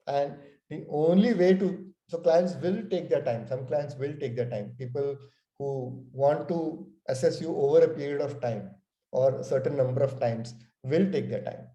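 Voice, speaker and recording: A man's voice: a little high, moderate pace, dark tone, muffled recording. A man leading an online sales training workshop, talking conversationally over a video call. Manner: conversational, frequent "okay" and "you know". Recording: echoey room.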